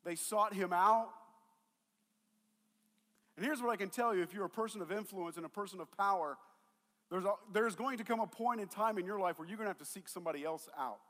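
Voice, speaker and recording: High-voiced man preaching in an echoing hall. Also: a little fast. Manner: conversational and animated, acting out voices of the story. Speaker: pastor. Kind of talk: sermon.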